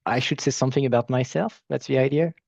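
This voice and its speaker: A man's voice: mid-range voice, fast talker, gravelly, a little mellow, no room sound. A man with a French accent, a platform founder talking casually on a panel, self-deprecating and chatty with some hesitations. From France.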